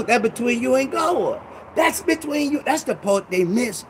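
New pastor guy, high voice, preaching street-style, calls folks out, faint noise behind. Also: animated, normal speed, rough recording. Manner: confrontational, rhetorical, heavy street vernacular. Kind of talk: informal street-style sermon.

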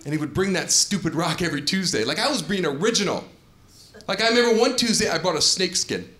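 A man does stand-up on a club stage. His voice sits high and swoops all over, with playful asides to the crowd. The room is echoey and audience noise comes through clearly. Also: lively intonation, fast talker, bright, forceful tone. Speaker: stand-up comedian. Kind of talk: stand-up comedy set. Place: comedy club stage before a live audience.

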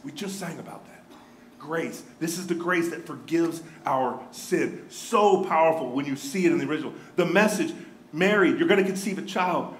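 Male pastor preaching, high lively voice, jokey and animated, echoey church hall. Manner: animated, humorous storytelling. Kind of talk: sermon. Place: church sanctuary.

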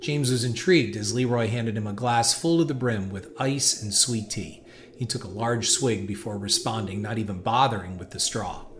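A man with a fairly low voice narrates a horror story in a measured, dramatic way. A steady hiss of background noise runs under the recording. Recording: noisy hiss behind voice.

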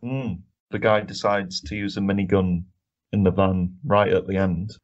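Ranting sweary man, low voice. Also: steady tone, normal speed. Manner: ranting, sweary, laughs often. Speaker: podcast co-host. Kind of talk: casual film review chat. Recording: dull lo-fi podcast audio.

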